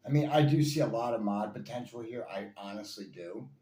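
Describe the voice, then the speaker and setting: A man's voice: lowish voice, fairly quick, warm tone. Enthusiastic man reviewing toy blasters. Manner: enthusiastic, repetitive, lots of fillers. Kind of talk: casual product review. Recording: echoey room, faint ambience.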